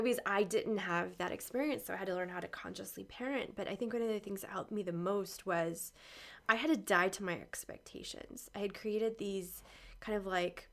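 A woman's voice: medium pitch, normal speed, gravelly, a bit bright. A woman hosting a podcast interview, speaking in a heartfelt, candid way. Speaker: podcast host. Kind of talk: conversational interview.

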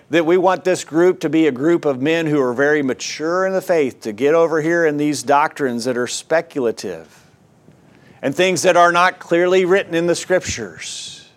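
In an animated sermon, a man reads scripture steadily and measuredly while urging his audience on with earnest conviction. His pitch and volume range widely, dropping quiet and low, then rising loud for emphasis.

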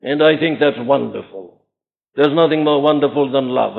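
Earnest preacher on a tinny old recording. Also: male voice, mid-range voice, moderate pace, creaky. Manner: rhetorical questions, emphatic and earnest. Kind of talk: sermon. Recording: tinny narrow-band archive recording.

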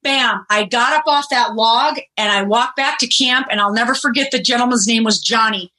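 A middle-aged woman, a guest on a podcast, telling stories in a lively way and laughing often. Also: on the high side, normal speed, poor audio. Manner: animated storyteller, laughs often. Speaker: guest, former reality show contestant. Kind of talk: casual podcast interview.

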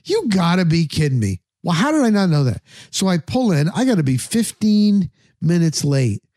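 A man's voice: high voice, very animated, normal speed, darkish tone, no echo, studio quality. A middle-aged man hosting a sports talk show, telling a story casually and acting out his own thoughts in quotes. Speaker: sports radio and podcast host.

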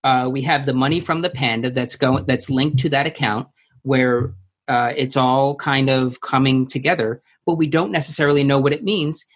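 Co-host, casual recap, mid-pitched, loose and rambling delivery. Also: fairly even intonation, moderate pace. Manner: loose and rambling, many fillers, breaks into silly sung impressions. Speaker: podcast co-host. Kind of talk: casual chat recapping a TV episode.

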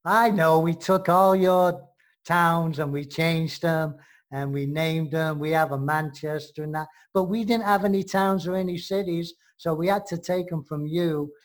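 A brash American host who jokes, heckles and argues playfully. The voice sits at a middle pitch. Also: fairly even intonation, a little slow. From United States. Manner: brash, joking, mock-heckling. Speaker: show host. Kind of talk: bantering radio-style chat.

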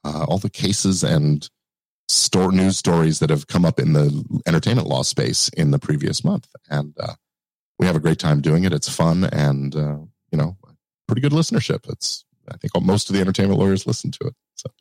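A man being interviewed as an entertainment lawyer, answering in a relaxed, measured way with some hesitation, on slightly distorted audio. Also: extremely low pitch, no room sound.

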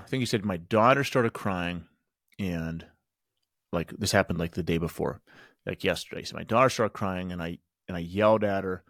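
Deep-voiced man, dry close sound. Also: no echo. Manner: earnest, rambling, frequent restarts and "like". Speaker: podcast host and men's group coach. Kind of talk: casual solo podcast talk.

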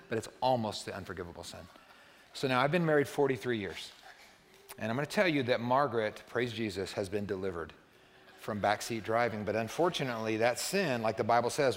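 A man's voice: lowish voice, a bit bright, slight background noise. A man in his sixties preaching a conversational sermon as pastor, often adding "right?" and building to emphatic peaks. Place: church sanctuary. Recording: long reverb of a church hall.

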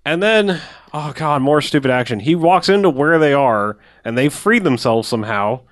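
A man's voice: on the high side, expressive, normal speed, no echo, studio quality. A man in casual movie recap chat, rambling with many fillers and mocking quotes of the characters.

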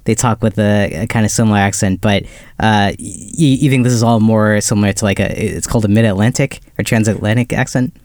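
A man co-hosting a film podcast, easygoing and quick to laugh. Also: fairly low pitch, fairly even intonation, a little mellow, no room sound, clean studio sound. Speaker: podcast co-host. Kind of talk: casual film review chat.

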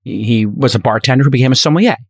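A man's voice: medium pitch, racing, breathy edge, no room sound, studio quality. A man hosting a podcast, telling a long casual anecdote with many fillers and restarts and voicing the people in it. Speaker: podcast host. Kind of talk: casual storytelling chat.

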